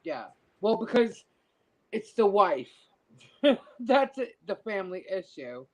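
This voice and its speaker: Woman cohost chatting away, lots of laughs, animated, feeling cold. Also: medium pitch, slow, low-quality recording. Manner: laughs often, animated storytelling. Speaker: podcast co-host. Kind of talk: casual live chat.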